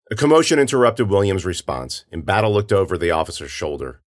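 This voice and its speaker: A man narrating a story in a steady storytelling manner, giving characters their own voices. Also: deep voice, quick pace, hardly any pauses. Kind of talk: audiobook narration.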